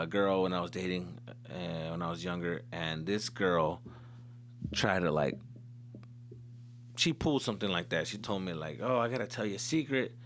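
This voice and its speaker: A young man hosting a comedy podcast, telling stories in a loose, profane way and breaking into exaggerated impressions. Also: slight background noise. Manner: animated, profane, swings into loud high-pitched impressions. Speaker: podcast host. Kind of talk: casual comedic storytelling.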